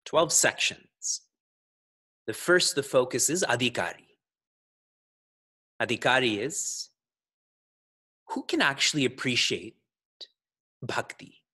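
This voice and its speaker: Husky guy teaching scripture, jokey, laughs a lot, keeps asking the room questions. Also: mid-range voice, pushed and bright. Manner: playful, laughs often, asks the audience questions. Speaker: spiritual teacher. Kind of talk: scripture discourse to a congregation.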